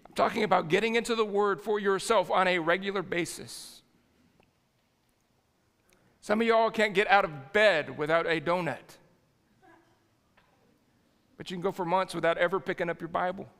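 A man's voice: high-pitched, normal speed, vocal fry, long pauses, a bit bright. Man, pastor, casual joking sermon, keeps restarting phrases, long church-hall reverb. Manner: folksy and jokey, with frequent restarts. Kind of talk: conversational sermon. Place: church sanctuary.

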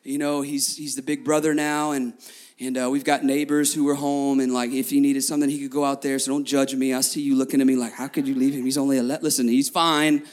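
A man in his thirties, a pastor preaching a sermon to his congregation, telling stories lively, repeating phrases and talking straight to the crowd. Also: mid-range voice, a little fast. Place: church before a congregation.

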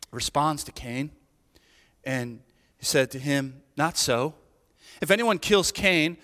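A man preaching a sermon, emphatic and animated, his voice climbing high when he quotes. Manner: emphatic, rising to near-shouts on quoted lines. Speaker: pastor. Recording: long hall reverb.

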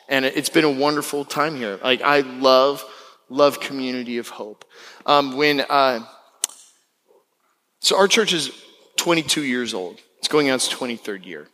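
A young man from Florida preaching a sermon as pastor, animated and acting out the people he quotes. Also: long reverb tail. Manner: animated, acts out quotes with big pitch jumps. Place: church sanctuary.

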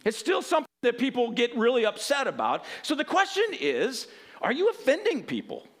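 A man preaching a sermon, animated, often laughing and restarting phrases, then reading a passage aloud. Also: extremely high pitch, a little fast.

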